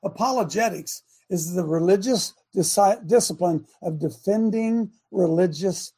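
A middle-aged man hosting a fiery preaching talk show, speaking emphatically and often rising to shouts. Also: high voice, unhurried, husky.

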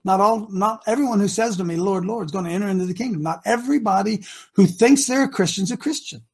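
A preachy male talk show host from Ohio with a husky voice. He talks emphatically, breaking out into shouts and then dropping low. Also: fast talker. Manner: emphatic and preachy, swinging between shouting and mutters.

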